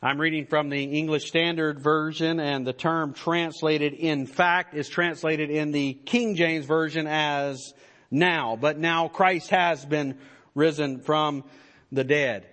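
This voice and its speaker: A man's voice: a little high, steady tone, slow pace, fairly bright tone. A man preaching a sermon as pastor, in an emphatic style that builds to stressed declarations.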